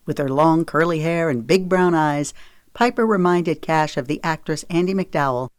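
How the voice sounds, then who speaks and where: Low-voiced woman reading an audiobook. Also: moderate pace, no room sound, clean studio sound. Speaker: audiobook narrator. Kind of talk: scripted narration.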